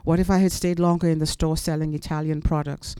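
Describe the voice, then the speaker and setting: A man at a club venue reading literary prose aloud, measured and deliberate, with pointed pauses. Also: a little high, level tone, mellow, clear, resonant tone, no echo. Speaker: reader at a literary event.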